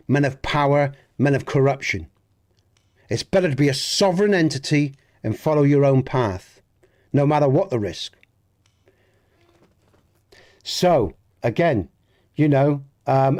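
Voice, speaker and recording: A middle-aged English man from the southwest with a clear Dorset accent. He talks casually and earnestly to his live-stream audience, trailing off and restarting, and breaks off to greet viewers in the chat. His voice sits at an average pitch. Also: darkish tone. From southwest England. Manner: rambling and earnest, many restarts, speaks to chat by name. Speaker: gaming streamer.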